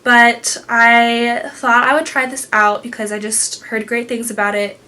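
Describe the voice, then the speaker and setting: A young beauty vlogger chats casually from a room at home, gushing and rambling through a product review with plenty of fillers. Her voice is on the high side and sharp, with a level tone and a measured pace.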